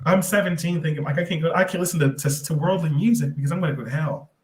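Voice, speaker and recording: A man as a podcast guest, telling a personal story in a rambling, animated way with many restarts. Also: fairly high pitch, fast talker. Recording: roomy echo.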